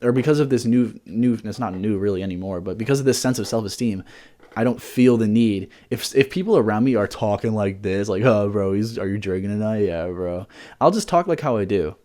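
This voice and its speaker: A man's voice: fairly low pitch, expressive, a little fast, darkish tone. A young man co-hosting a podcast, chatting casually in a rambling way, often repeating words and swearing freely. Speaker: podcast co-host.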